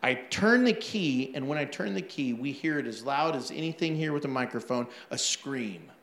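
A man's voice: medium pitch, expressive, moderate pace, fairly bright tone, echoey room. A man preaching a sermon as pastor, telling stories animatedly with laughs and acted-out asides.

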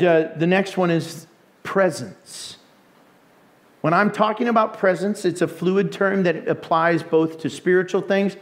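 A man preaching a sermon with animated storytelling and frequent laughter. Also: high-pitched.

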